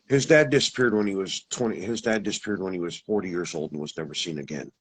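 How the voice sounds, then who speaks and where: A man who is a guest telling a personal story, animated and acting out the dialogue. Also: low-pitched, fast talker, few pauses, breathy edge.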